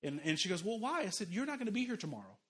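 A man's voice: sits high, very animated, rapid-fire, fairly bright tone. A middle-aged pastor preaching a sermon, a man who tells stories animatedly and acts out the voices he quotes.

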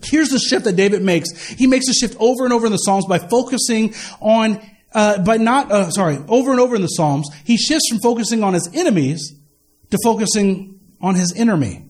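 Guy preaching, high voice, slangy and chatty, keeps acting out little quotes. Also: expressive, a little fast. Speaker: pastor. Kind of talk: casual sermon.

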